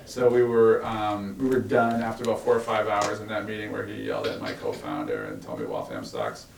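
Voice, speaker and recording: Middle-aged male ex-executive, gravelly, animated anecdotes, recorded far off in an echoey room. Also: lowish voice, brisk, music in the background. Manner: animated, laughs while recounting anecdotes. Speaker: former tech executive sharing stories. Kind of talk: relaxed storytelling in a Q&A. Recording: roomy and from far off with faint noise.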